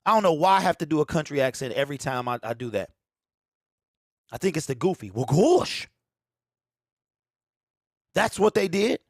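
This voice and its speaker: A man's voice: a little high, lively intonation, fast, no echo, clean studio sound. Emphatic male sports talk host. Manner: emphatic and repetitive, addresses fans directly. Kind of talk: fan sports talk rant.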